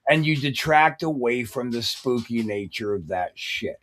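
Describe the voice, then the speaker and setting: A man's voice: medium pitch, expressive, unhurried, crowd noise. A man co-hosting a casual chat in a blunt, profane, skeptical way. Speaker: podcast co-host.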